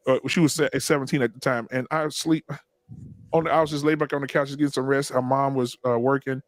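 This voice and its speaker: A middle-aged man co-hosting a podcast, telling stories in a blunt, profane, animated way. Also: mid-range voice, fast, no room sound. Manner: blunt, profane, animated storytelling with acted quotes. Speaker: podcast co-host. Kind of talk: casual group chat, storytelling.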